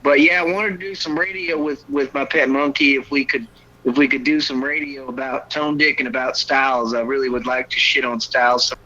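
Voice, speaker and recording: A man trades crude, mocking insults on a radio show. His voice is bright and sharp, and it comes through dull, lo-fi audio. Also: medium pitch, fairly even intonation, a little fast.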